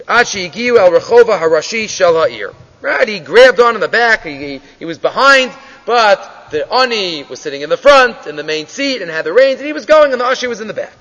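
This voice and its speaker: High, bright-voiced man teaching a text. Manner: reads a Hebrew text line by line, then explains it in English, acting out the characters. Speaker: Torah teacher. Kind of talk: Torah class storytelling. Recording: dull lo-fi audio with long reverb.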